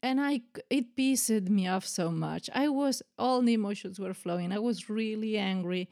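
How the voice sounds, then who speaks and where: Earnest woman with a mellow voice. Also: medium pitch, normal speed, creaky. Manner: earnest, emotional storytelling with many fillers. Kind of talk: personal story in conversation.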